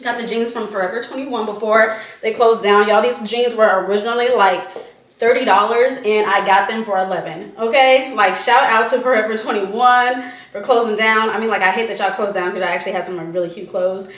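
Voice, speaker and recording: A woman in her thirties chatting casually to viewers in a vlog, animated and slangy with frequent asides. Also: mid-range voice, fairly quick. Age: 30s. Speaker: vlogger. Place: in a car and at home.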